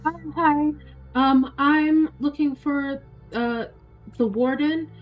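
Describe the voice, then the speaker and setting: A woman's voice: sits high, fairly even intonation, slow, dull audio, faint music behind, pitched above the performer's own voice. A woman voicing a shy, hesitant young girl student who stumbles over her words with many ums.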